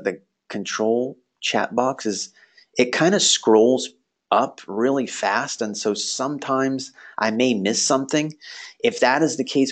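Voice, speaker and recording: A man with a nasal voice, teaching a live online class in a casual, rambling way with lots of fillers. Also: medium pitch. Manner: casual, rambling, friendly, frequent fillers and laughs. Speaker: online course instructor. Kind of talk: live virtual class session.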